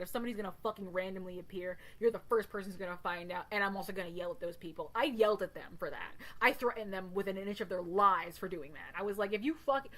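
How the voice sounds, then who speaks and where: A woman's voice: mid-range voice, fairly bright tone, poor audio. A young woman hosting a casual chat, rambling through stories, swearing freely and laughing often. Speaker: podcast host.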